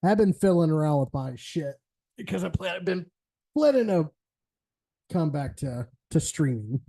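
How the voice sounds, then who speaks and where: A man's voice: on the high side, sing-song, normal speed, mellow. A man hosting a live stream, chatting casually and rambling, swearing freely and laughing often. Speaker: streamer host.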